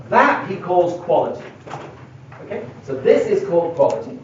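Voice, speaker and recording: In a university lecture room, a middle-aged man teaches philosophy, thinking aloud and stressing important words while writing on the board. His high voice is sing-song and a little mellow at a moderate pace. The far-away mic and echoey hall make it dull and lo-fi, with a bit of hiss or hum.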